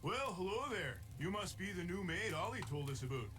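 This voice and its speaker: An actor playing a boastful, folksy middle-aged construction worker in a mystery game, gruff and blustery. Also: male voice, sits high, expressive, brisk, sharp tone, slight background noise.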